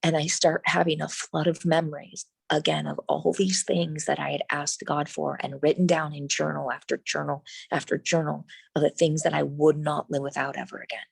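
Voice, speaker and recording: A middle-aged woman, a guest in an interview, telling a personal story in an animated, emphatic way with frequent restarts. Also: deep voice, normal speed, creaky, hardly any pauses, breathy edge, dry recording, low-quality recording.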